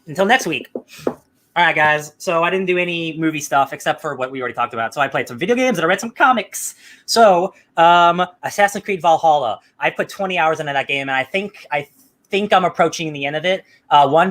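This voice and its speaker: A man co-hosting a podcast in casual chat, telling stories with lively asides and quick acted-out bits. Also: on the high side. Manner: animated storytelling, acts out game characters in quick bits. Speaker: podcast co-host.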